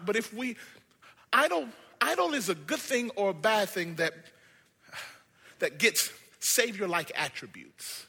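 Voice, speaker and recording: A man preaching a sermon as pastor, animated, swinging between hushed lines and shouted ones. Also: high-pitched, a little slow, creaky, husky, big-room sound.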